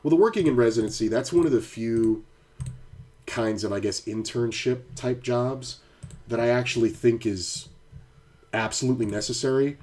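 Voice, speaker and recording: This middle-aged man's voice is medium in pitch, normally paced, and somewhat dark in tone. He chats casually during a home poker stream, ranting and telling stories laced with heavy profanity.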